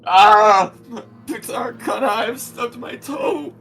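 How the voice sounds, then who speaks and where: A man's voice: extremely high pitch, slow, pushed and bright, faint music behind, voice pushed up, exaggerated voice. A man voicing a clumsy, theatrical dancer-fighter who wails melodramatically. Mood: wailing. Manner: melodramatic, wailing.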